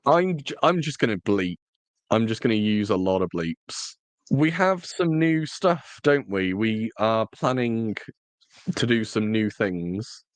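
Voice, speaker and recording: A man's voice: fairly low pitch, lively intonation, measured pace, no echo. A man co-hosting a podcast in casual chat, rambling and correcting himself with jokes. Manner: rambling, self-correcting, jokey. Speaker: podcast co-host.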